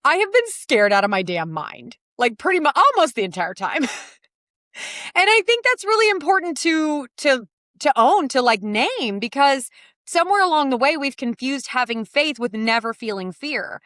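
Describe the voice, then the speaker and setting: A middle-aged woman talks straight into a close mic in a dry, dead room, hosting her own podcast. Her slightly high voice swings widely in pitch as she tells on herself with blunt honesty, swearing freely and breaking into laughter. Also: big pitch swings, moderate pace, fairly bright tone, no room sound. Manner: candid, swearing, laughing often. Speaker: podcast host. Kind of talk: casual confessional monologue.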